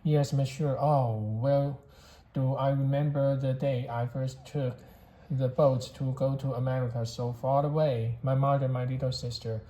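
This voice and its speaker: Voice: medium pitch, steady tone, unhurried, dark tone, close to an everyday voice. A reader voicing a cheerful, boastful Italian salesman who gushes about his business, in a storybook reading recorded in an echoey room. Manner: gushing, boastful. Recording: echoey room, faint background hiss.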